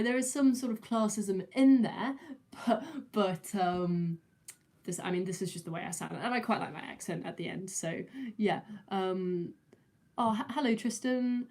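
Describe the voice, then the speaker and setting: A woman's voice: lowish voice, a little mellow. A nineteen-year-old woman, chatting casually on a livestream, with many fillers, restarts and a slight stutter. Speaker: streamer answering chat.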